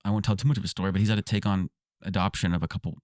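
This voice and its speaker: A man co-hosting a podcast in casual chat, telling stories in an excitable, chatty way. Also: sits low, rapid-fire, no room sound, studio quality. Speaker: co-host. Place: basement studio.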